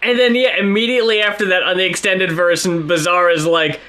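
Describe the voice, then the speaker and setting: Co-host, man, bright forward voice, blunt and profane. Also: high voice, fairly even intonation, brisk. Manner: blunt, swearing. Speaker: podcast co-host. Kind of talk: casual album review chat.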